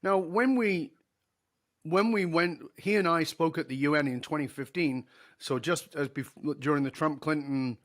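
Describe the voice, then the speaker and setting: Middle-aged man telling a lively story. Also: a little high, a little slow. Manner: animated storyteller, acts out dialogue, laughs easily. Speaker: podcast guest. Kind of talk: storytelling interview.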